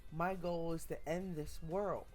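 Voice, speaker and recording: A woman reading the lines of a calm, sinister male villain from a manga. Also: on the low side, a little slow, soft background music, lightly acted. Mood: cold. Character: male villain who wants to remake the world.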